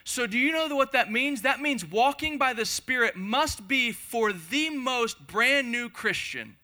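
Preaching to a congregation in a church hall, the pastor speaks a little slowly in a very high, bright and forceful voice with lively intonation. His sermon is passionate, built on emphatic, repeated phrases.

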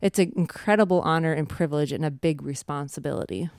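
A woman co-hosting a faith and family podcast, speaking earnestly and warmly. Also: low voice, fast talker, dry recording, clean studio sound. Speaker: podcast co-host. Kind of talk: casual conversational podcast.

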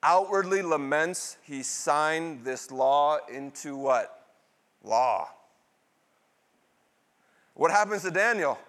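Middle-aged guy preaching, kinda high voice, asks the crowd stuff then answers it, gets loud then drops way quiet. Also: lively intonation, takes it slowly, long pauses. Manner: call-and-response questions, dramatic swings in pitch and loudness. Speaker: pastor. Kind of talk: sermon.

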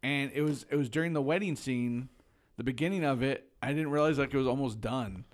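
Man, medium pitch, blunt, rambling, swearing, casual podcast chat. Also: brisk. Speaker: podcast co-host.

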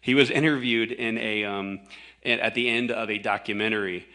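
A man's voice: on the low side, steady tone, moderate pace, sharp tone. A man, a pastor, preaching a sermon in a conversational, emphatic way.

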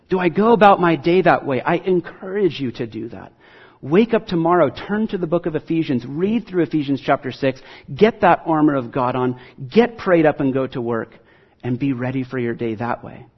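A man preaching to a church in a relaxed, chatty way, telling stories between verses. His voice is husky, and the recording sounds dull and lo-fi. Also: on the high side, moderate pace. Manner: conversational, storytelling preacher with fillers. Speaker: pastor. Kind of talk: sermon.

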